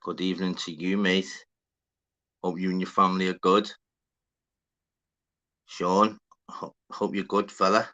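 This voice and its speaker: A man's voice: deep voice, little pitch movement, unhurried, pauses often, pushed and bright, muffled recording. A man hosting a casual livestream, rambling, swearing and greeting viewers by name. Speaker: livestream host. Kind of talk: casual live chat.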